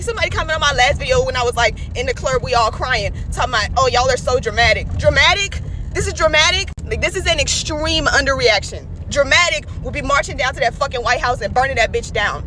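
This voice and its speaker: Upset woman, kinda teary, swears a lot, talks super fast, noisy background. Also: high voice, a bit bright. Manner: emotional, profane rant. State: tearful.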